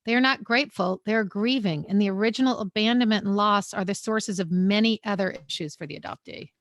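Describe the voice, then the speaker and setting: A woman's voice: mid-range voice, fast talker, a bit bright, dry recording. A woman co-hosting a podcast in casual chat, speaking hesitantly with fillers before reading a passage aloud. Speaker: podcast co-host.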